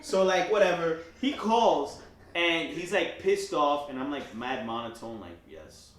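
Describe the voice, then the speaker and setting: A young man tells stories on a comedy podcast, jumping between voices as he acts out both sides. His pitch swings all over the place, and he sits a bit back from the mic in a very echoey room. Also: lively intonation, a little slow, a bit bright, recorded from a distance. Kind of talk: casual storytelling chat.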